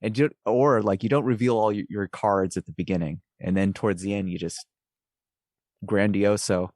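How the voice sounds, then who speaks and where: Male co-host, low voice, rambling casual delivery, dry mic. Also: steady tone, moderate pace, a little mellow, dry recording. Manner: rambling, filler-heavy. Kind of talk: casual podcast chat about music.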